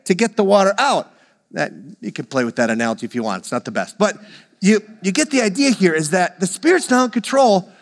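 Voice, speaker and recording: Man preaching in a big echoey hall, high voice that jumps all over, gets the crowd to repeat lines back. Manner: animated preaching with call-and-response, jokes with the congregation. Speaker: pastor. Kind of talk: sermon.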